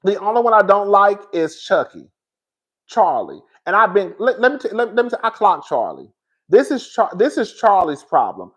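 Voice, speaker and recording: A man's voice: sits high, big pitch swings, moderate pace, fairly bright tone. A man giving a casual, candid commentary to his viewers, profane and rambling, often restarting and going off on asides. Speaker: reality TV commentator.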